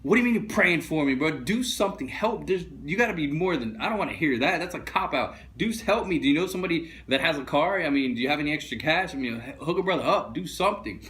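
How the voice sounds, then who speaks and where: A man acting out a frantic young man who loudly begs for real help. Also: lively intonation, fast talker, hardly any pauses. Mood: exasperated. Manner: loud, high-pitched and exasperated.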